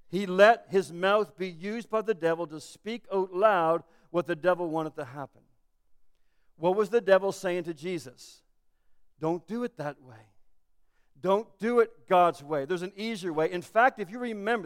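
Male pastor, emphatic sermon, high clear voice, long hall reverb. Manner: emphatic preaching with rhetorical questions.

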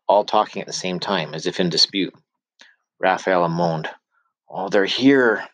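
A man reading a novel chapter aloud as an audiobook narrator, steady storytelling with voiced dialogue. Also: low voice, no room sound. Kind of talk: scripted narration.

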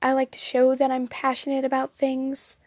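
A woman's voice: sits high, monotone, moderate pace, darkish tone, no echo. A young woman with a Southern US accent, hosting an amateur podcast into her phone and chatting casually with lots of ums and self-deprecating laughs. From Southern United States. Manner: rambling, self-deprecating, giggly, many ums. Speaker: podcast host. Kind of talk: casual solo podcast chat.

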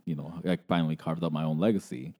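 Low, dark male voice, hesitant podcast co-host, long reverb. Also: fairly even intonation. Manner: halting, many restarts and hedges. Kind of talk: casual movie review chat.

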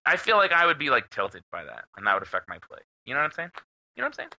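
Lively, animated young man telling a story. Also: medium pitch, fast talker. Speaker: podcast co-host. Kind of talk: casual chat.

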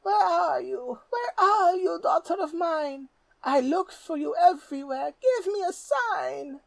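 A man's voice: extremely high pitch, expressive, unhurried, gravelly, voice pushed up, heavily acted. A man voicing a troll mother who sings a wailing call through the forest, in a storybook reading.

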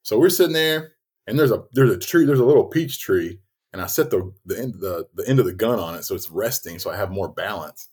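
Podcast co-host, male, husky lively storyteller, casual and profane. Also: fairly low pitch, fairly quick. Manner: animated, swearing, acts out quotes.

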